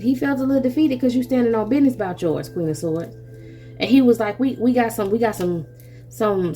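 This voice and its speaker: A woman giving a casual tarot reading, animated and chatty, who laughs often, swears freely and calls the listener baby and honey. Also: mid-range voice, slight background noise. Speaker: tarot reader.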